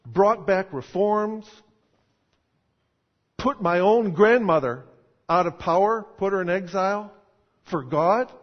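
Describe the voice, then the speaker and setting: A man's voice: sits high, expressive, slow, long pauses, pitched above the performer's own voice, full character voice. A preacher putting on an indignant old king. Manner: indignant, insistent complaining. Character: aggrieved old king, proud and self-righteous. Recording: dull sound in a reverberant hall.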